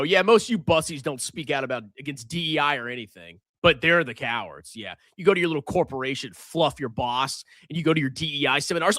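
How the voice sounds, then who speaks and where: A man's voice: fairly high pitch, expressive, brisk, hardly any pauses, fairly bright tone, no echo. A man hosting a livestream, ranting in a sarcastic, combative, mocking way. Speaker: livestream host.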